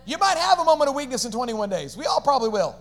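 High-voiced, animated man preaching. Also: very fast. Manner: animated preaching with call-and-response to the congregation; casual slangy asides. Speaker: pastor. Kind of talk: energetic sermon.

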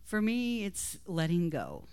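The host's mother, a middle-aged woman appearing as a guest, shares tender family stories in a church talk, laughing and coming close to tears. She speaks slowly in a lowish, clear, resonant voice that is a little mellow and swings hugely in pitch.

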